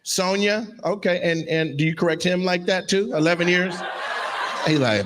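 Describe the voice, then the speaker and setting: Man, stand-up comedian, crowd work, brash profane roasting, higher voice, noisy live room. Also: normal speed. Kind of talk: crowd work, teasing audience members. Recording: noisy live venue sound.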